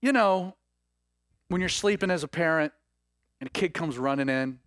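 A man preaching a sermon in an animated way, acting out the voices he quotes. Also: a little high, normal speed, no room sound, clean studio sound.

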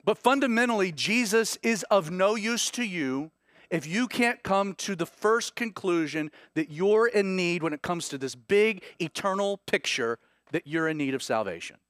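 Dramatic Southern preacher, high-pitched voice. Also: male voice, lively intonation, normal speed, no room sound, clean studio sound. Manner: dramatic, swings between hushed and rising urgency. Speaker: pastor. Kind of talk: sermon.

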